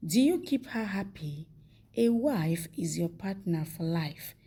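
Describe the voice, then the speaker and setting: A woman voicing a protective older woman lecturing a son-in-law, in her own slow, husky narrating voice. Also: lowish voice, animated, warm tone, exaggerated voice. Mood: stern, caring. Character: protective older woman, mother's best friend.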